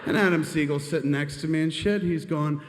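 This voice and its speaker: A man telling a long, animated anecdote on stage, rambling and swearing as he goes. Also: on the high side, fairly quick, noisy background. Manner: animated, profane, rambling with "and shit". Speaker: storyteller on stage. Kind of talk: live storytelling monologue. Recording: long reverb of a live hall.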